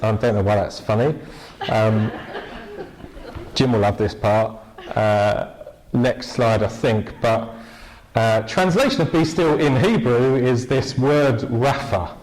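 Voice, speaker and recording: A man preaches an informal, jokey church sermon, chatting with the congregation and asking them questions. His medium-pitched voice is a little mellow, and the audio is poor.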